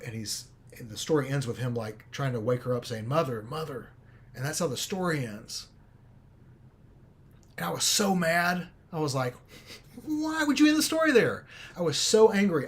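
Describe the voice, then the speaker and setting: A man at a mid pitch chats casually on a livestream, retelling a story. His talk rambles with lots of "um" and "like", and he gets animated as the story goes. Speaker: film director.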